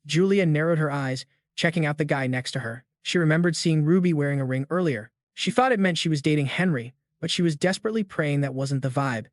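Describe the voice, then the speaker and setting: A man tells a comic recap story in loose, slangy narration. His voice sits a little high for a man, and the sound is dry and close. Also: a little fast, hardly any pauses, no echo. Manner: slangy, casual.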